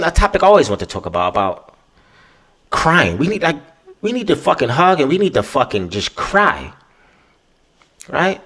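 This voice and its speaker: A man's voice: mid-range voice, fairly bright tone, husky. A man hosting a podcast, talking alone in a loose, profane, emphatic way and often tagging his points with "right?". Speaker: podcast host. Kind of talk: casual monologue.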